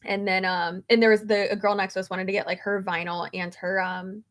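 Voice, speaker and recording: A woman's voice: mid-range voice, level tone, fairly quick, a bit bright. A woman vlogger chatting casually, rambling through a story with lots of fillers and restarts. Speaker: beauty vlogger.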